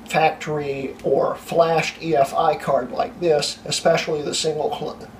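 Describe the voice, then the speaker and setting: Slow-talking man a bit off-mic. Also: on the high side, level tone. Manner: stumbles over his own words and restarts. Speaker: tech video host. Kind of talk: flubbed takes of a tech vlog intro. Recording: voice a bit far from the mic, faint noise.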